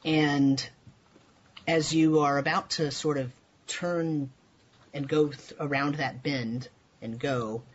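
A man's voice: a little high, steady tone, takes it slowly, pauses often. Man running a tabletop game, lo-fi. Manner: loose, searching narration with many fillers. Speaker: dungeon master. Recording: dull lo-fi audio with faint background hiss.

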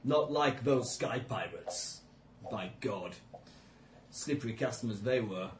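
A man's voice: mid-range voice, expressive, takes it slowly, noisy background, pitched below the performer's own voice. A man voicing a blustering, pompous old male sky captain in a tabletop game. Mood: gruff, blustering. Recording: echoey room.

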